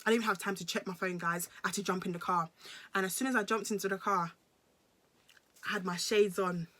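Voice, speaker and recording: A woman's voice: mid-range voice, fairly even intonation, fast talker, sharp tone. A woman in her twenties with a British accent, telling a personal story to her vlog viewers in an emphatic, slangy way, often repeating phrases. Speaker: vlogger.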